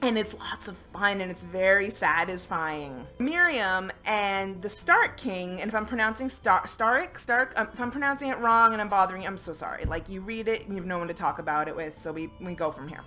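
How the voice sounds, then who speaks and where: Chatty woman reviewing a book, bright tone, playful asides, soft music in the background. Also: medium pitch, expressive, fairly quick, few pauses.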